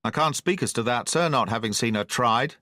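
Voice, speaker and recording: A man's voice: mid-range voice, lively intonation, brisk, pushed and bright, no room sound, studio quality. A man reading the lines of a blunt, stern, distrustful sea captain who speaks plainly and in clipped phrases, in an audiobook.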